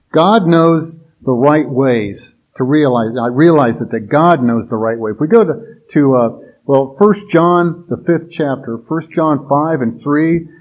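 A man's voice: medium pitch, darkish tone, slightly rough, low-quality recording. A man giving an informal sermon in a conversational way, often restarting his sentences and adding filler phrases. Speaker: preacher.

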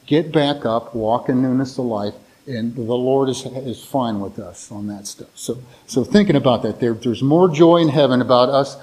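A man's voice: medium pitch, normal speed, hardly any pauses, darkish tone, rough recording. A man preaching an informal sermon, telling a rambling, folksy personal story before reading scripture.

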